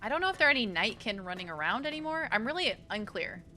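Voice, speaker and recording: Chatty young woman streamer, bright voice. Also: on the high side, sing-song, quick pace, soft background music. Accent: Boston. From Boston area. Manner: chatty, self-mocking, talks to chat. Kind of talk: casual gameplay commentary.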